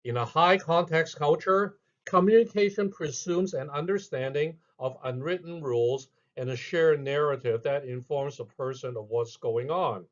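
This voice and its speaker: A man narrating a scripted lesson in a measured way, reading out each heading with emphasis. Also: fairly high pitch, highs cut off. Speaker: instructor.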